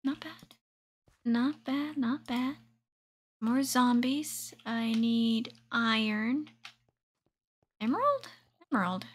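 Woman, young adult, game streamer, talks to herself, unhurried, slightly high voice. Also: fairly even intonation, breathy edge. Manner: chatty, talks to herself, often drops to a whisper. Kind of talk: live gameplay commentary.

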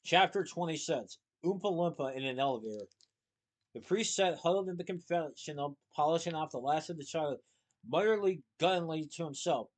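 A man's voice: a little high, fairly quick, poor audio. Man reading a children's novel aloud. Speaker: storybook reader.

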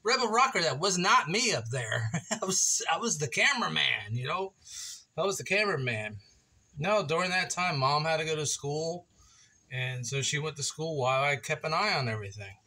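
A man's voice: on the high side, big pitch swings, moderate pace, bright, forceful tone. A man chatting casually to his viewers while building a wooden project at his kitchen table, playful and joking at himself. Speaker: woodworking vlogger.

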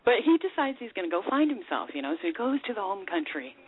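A woman hosting a casual call-in talk radio show, chatty and quick to laugh as she coaxes callers. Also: medium pitch, very animated. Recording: tinny phone line with faint hiss.

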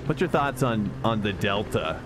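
A man's voice: lowish voice, big pitch swings, normal speed, noisy background. A man streaming sim racing, chatting casually and thinking aloud as he talks to his viewers.

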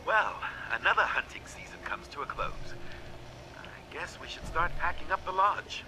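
A blunt, impatient brother in a video game. His voice is high and jumps around a lot as he pushes for answers. He sounds short-tempered. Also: animated, normal speed, noisy background. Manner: blunt and impatient, then startled. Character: impatient younger brother at a hunting lodge. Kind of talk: video game dialogue recording.

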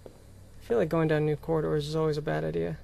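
A young man streaming live gameplay commentary into a desk microphone, excitable, swearing and talking back at the game. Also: on the high side, fast talker, gravelly, a little hiss or hum.

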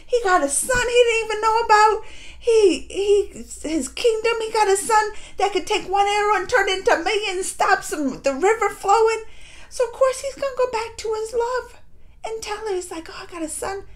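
A woman hosting a casual spoken review video. She talks in an animated way with laughs and acted quotes, sometimes dropping to hushed asides. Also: very high voice, moderate pace. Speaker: reaction video host.

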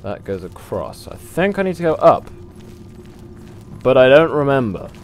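A man's voice: mid-range voice, very animated, normal speed, slight background noise. A young man casually commentating a video game, rambling, swearing and laughing at himself. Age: young adult. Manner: rambling, swearing, self-mocking, laughs often. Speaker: gaming channel host. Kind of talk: casual let's play commentary.

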